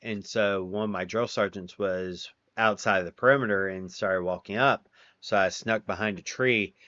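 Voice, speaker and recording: A man's voice: fairly low pitch, bright, forceful tone, no echo. A man hosting a casual stream chat, telling stories with lots of swearing and acting out the quotes himself. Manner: profane, wry storyteller acting out quotes. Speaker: streamer, host. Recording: dull, dry, lo-fi sound.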